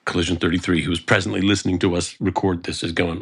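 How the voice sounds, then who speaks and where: Man, podcast co-host, bright tense voice, lowish pitch, eager storyteller. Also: level tone, fast, breathy edge. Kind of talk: casual chat.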